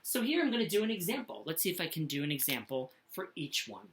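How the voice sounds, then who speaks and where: A woman teaching punctuation to young children in a slow, sing-song voice, often checking in with "okay?". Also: low-pitched, big pitch swings. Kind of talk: classroom lesson for children.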